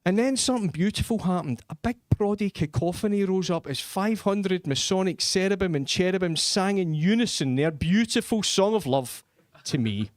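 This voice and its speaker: A man's voice: high voice, expressive, normal speed, no echo, studio quality. A man doing crude, self-mocking live stand-up comedy in a comedy club.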